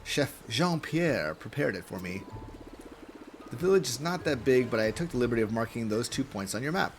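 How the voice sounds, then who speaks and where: A man's voice: mid-range voice, animated, normal speed, faint music behind, natural voice. A man voicing a pompous, self-admiring male champion who bosses a newcomer around in a game. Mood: bossy. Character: pompous muscle-bound male champion mentor.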